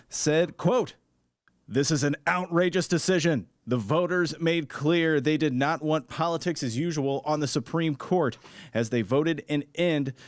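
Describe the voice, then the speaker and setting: A man's voice: on the high side, no room sound. Wry man reading news on a podcast. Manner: upbeat, reads plugs and news in a brisk, wry way. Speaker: podcast co-host and producer. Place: podcast studio.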